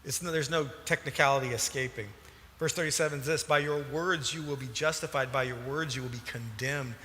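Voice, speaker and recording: A man preaching a sermon as a pastor, animated and emphatic, with sudden loud bursts. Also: mid-range voice, brisk, slight background noise. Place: church hall. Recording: large hall reverb.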